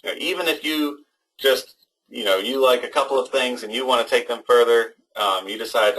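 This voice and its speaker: A man's voice: medium pitch, brisk, fairly bright tone, slightly rough, rough recording. A young man teaching an online class to students, talking casually and hesitantly with many ums and restarts. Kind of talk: casual webinar talk to students.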